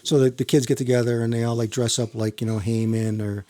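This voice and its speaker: A man's voice: mid-range voice, flat delivery, quick pace, warm tone. A man who works as a firefighter, telling a long story in casual chat with many restarts and casual swearing. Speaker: firefighter guest.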